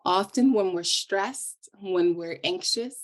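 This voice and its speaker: A woman yoga instructor explaining her practice in a calm, measured way as a podcast guest. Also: mid-range voice. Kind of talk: calm explanatory interview talk.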